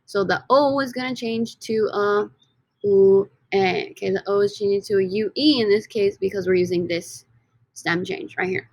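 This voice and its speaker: A woman teaching a recorded lesson from slides in an upbeat, teacherly way, often stretching words out slowly for emphasis. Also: mid-range voice, darkish tone, no room sound. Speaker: Spanish teacher.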